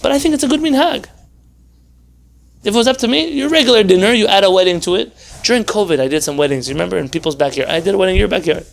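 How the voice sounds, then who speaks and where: A man teaching an informal Torah class as a rabbi, animated and wry, firing off rhetorical questions and sarcastic asides. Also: high voice, rapid-fire, vocal fry.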